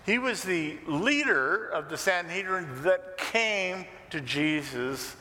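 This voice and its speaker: Animated male pastor preaching in a hall. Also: high-pitched, slow. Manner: animated, conversational, joking asides. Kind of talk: expressive sermon teaching.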